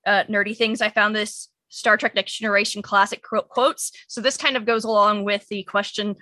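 Bright-voiced woman in casual podcast chat. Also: medium pitch, steady tone, normal speed, dry recording. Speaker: podcast co-host.

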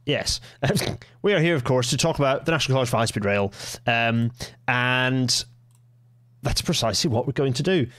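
A man chats as host of a live stream in a mid-range voice. He rambles, breaks off into quick asides and restarts his sentences. The sound is dry and close, with no room around it. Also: medium pitch, a bit bright, dry recording. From Scotland. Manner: rambling, self-interrupting, quick asides with laughs. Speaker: livestream host. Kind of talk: casual live-stream chat.

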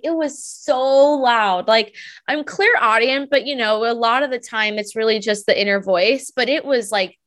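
A young woman, a medium and podcast guest, telling a personal story in a casual, animated way with frequent laughs and lots of "like" fillers. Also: on the high side.

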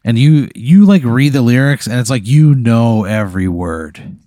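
A man talks through an improvised hypothetical, laying out each step of a silly story with a deadpan touch. His voice is warm and mellow. The sound is dry and close. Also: mid-range voice, normal speed, dry recording. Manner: spins a playful hypothetical, deadpan asides.

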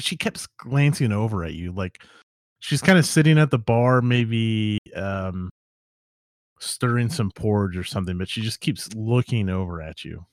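A man's voice: on the low side, no echo, clean studio sound. A man running a tabletop game as game master, describing scenes in a loose, hesitant way with many fillers.

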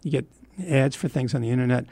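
An older man from the United States talks in a wry, rambling way, pausing often as he remembers. His voice is heavily gravelly. The recording is close and dry, with no room sound. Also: mid-range voice, fairly even intonation, a little mellow, dry recording. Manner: rambling, wry reminiscing with frequent pauses. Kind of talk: reflective monologue.

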